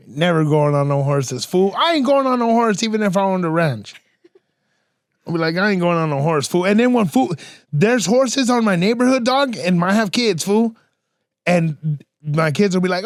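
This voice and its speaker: A young man from Southern California, hosting a podcast and telling animated, slang-heavy stories in casual chat. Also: high-pitched, normal speed, dry recording, studio quality. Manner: animated slang-heavy storyteller, acts out quotes. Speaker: podcast host.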